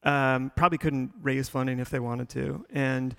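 A man's voice: medium pitch, fairly even intonation, normal speed, gravelly, clean tone, in a large hall. A middle-aged man, a tech executive, telling his story in a rambling way full of fillers and restarts during a live interview on stage. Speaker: tech company executive guest.

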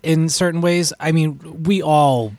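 A man's voice: fairly high pitch, fairly even intonation, a little slow, darkish tone. A man co-hosting a comics podcast, talking casually in long, winding, hesitant sentences and poking fun at himself. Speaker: podcast co-host. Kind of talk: casual chat.

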